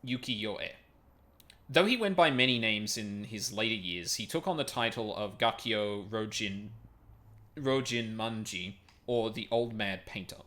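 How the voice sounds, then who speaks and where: Bright-toned man reading game text. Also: fairly low pitch, expressive, unhurried. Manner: stumbles over unfamiliar words, casual asides with swearing. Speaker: streamer. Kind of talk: reading game text aloud while playing.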